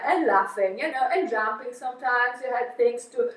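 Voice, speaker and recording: High-voiced Italian woman lecturing in an echoey hall. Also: moderate pace, recorded from a distance. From Italy. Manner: lively storytelling with many fillers. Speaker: guest lecturer. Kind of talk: anecdotal seminar lecture.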